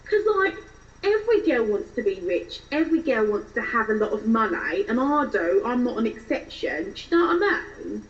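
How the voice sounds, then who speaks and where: A woman voicing a giddy, shallow young Essex girl with an Essex accent, gushing in drawn-out, rising questions, higher and louder than her own voice. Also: big pitch swings, echoey room. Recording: dull lo-fi, distant from the mic.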